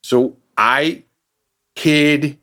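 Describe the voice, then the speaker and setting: A man, a guest sound designer, telling an animated anecdote on a podcast and acting out the people he quotes. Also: a little high, extremely slow. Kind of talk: casual podcast storytelling.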